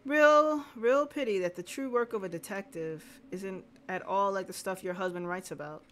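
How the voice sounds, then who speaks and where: A woman's voice: mid-range voice, a bit bright, a little hiss or hum, close to an everyday voice. A woman reading as a courteous male detective. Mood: probing. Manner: measured, inquisitive.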